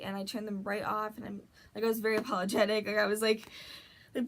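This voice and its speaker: A woman's voice: medium pitch, level tone, moderate pace. Rambling young woman vlogger telling a story. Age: young adult. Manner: rambling, filler-heavy, breathless retelling with many "like"s. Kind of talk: casual storytelling vlog.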